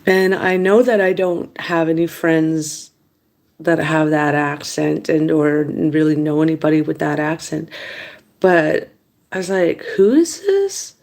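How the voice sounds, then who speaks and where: A woman vlogger at home, rambling and complaining in a casual late-night monologue, turning animated when she quotes others. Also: low-pitched, unhurried, gravelly. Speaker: mukbang vlogger. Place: indoors at home.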